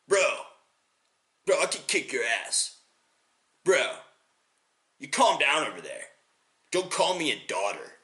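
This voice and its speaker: A man's voice: fairly high pitch, sing-song, slow pace, long pauses, pushed and bright, roomy sound, pitched above the performer's own voice, exaggerated voice. A man putting on a touchy macho bro. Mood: indignant. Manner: indignant, bro-ish and blustering. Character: touchy macho young guy, defensive.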